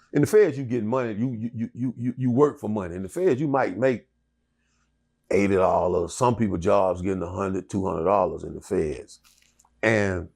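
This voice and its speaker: A man's voice: fairly low pitch, vocal fry, darkish tone. A middle-aged man telling his life story in an interview, profane and rambling with many restarts. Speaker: interview guest.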